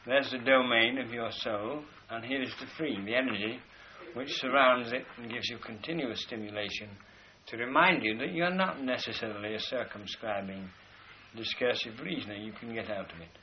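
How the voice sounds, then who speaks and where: A man delivers a spoken lecture in a measured, explanatory style, slowing on key words while pointing to drawings. His pitch is medium and the audio sounds dull.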